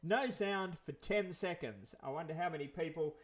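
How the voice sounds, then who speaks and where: Host, male, slightly high voice, winded and fluey, casual rambly live-stream chat. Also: moderate pace. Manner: rambling, with many fillers and restarts. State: out of breath from flu. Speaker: channel host.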